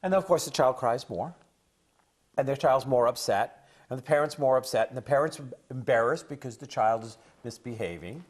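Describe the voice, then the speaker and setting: A man talking on a radio talk show at a mid-range pitch. He rambles casually with plenty of fillers. When he starts lecturing, he turns insistent and preachy. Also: lively intonation, brisk.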